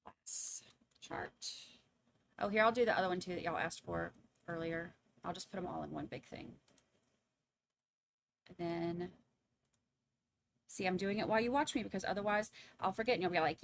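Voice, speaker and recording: A woman's voice: lowish voice, normal speed, gravelly, long pauses, a little hiss or hum. A woman hosting a livestream, chatting casually and rambling as she signs off to her viewers. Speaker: livestream trial commentator. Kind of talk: casual livestream sign-off chat.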